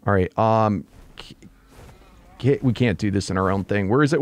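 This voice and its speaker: Excitable man with a gravelly voice. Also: lowish voice, normal speed, pauses often. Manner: excitable, yelps and groans at in-game mishaps. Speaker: gaming YouTuber. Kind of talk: let's play commentary.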